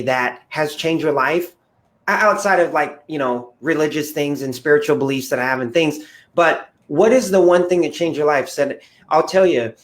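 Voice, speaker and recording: A man hosts a podcast interview, rambling through his questions with plenty of fillers. His voice sits somewhat high for a man. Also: fairly bright tone. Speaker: podcast host. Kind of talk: casual interview talk.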